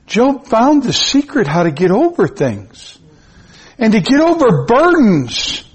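A man preaching a sermon, emphatic and repetitive, with sudden high-pitched rises. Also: wildly swooping pitch, takes it slowly, breathy edge. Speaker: pastor.

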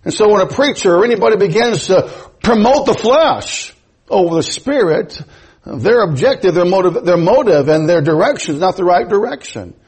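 A man's voice: sits high, animated, normal speed, darkish tone, husky, low-quality recording. A man preaching a sermon in a folksy, emphatic way, mixing scripture with personal stories. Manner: folksy, storytelling, emphatic rises.

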